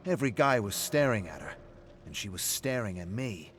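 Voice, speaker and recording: A man voicing a hot-tempered, defensive drunk brawler who talks in gruff, curt bursts. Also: medium pitch, animated, measured pace, voice pushed up, close to an everyday voice. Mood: boastful.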